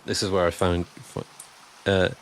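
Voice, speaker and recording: Deep-voiced chatty man streaming. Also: flat delivery, unhurried, a little hiss or hum. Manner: rambling, chatty, answers chat aloud. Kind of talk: casual live-stream chat while building.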